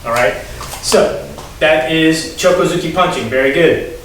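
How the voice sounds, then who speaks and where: Brief: male karate instructor, fairly high voice, recorded from afar in a very echoey room. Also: unhurried, fairly bright tone, a little hiss or hum. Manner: instructive, calls Japanese counts rising sharply in pitch. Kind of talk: teaching a class, explaining and calling counts. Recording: very echoey room, distant mic.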